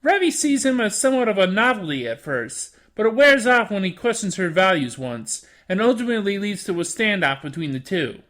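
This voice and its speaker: A host narrating a scripted anime review in an expressive, animated way. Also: medium pitch, fairly quick, few pauses.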